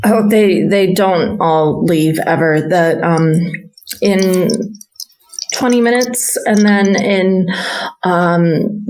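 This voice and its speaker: A woman's voice: lowish voice, drawn-out words, a little mellow, poor audio. A woman voicing a shy young male stablehand who stammers and hesitates. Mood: timid.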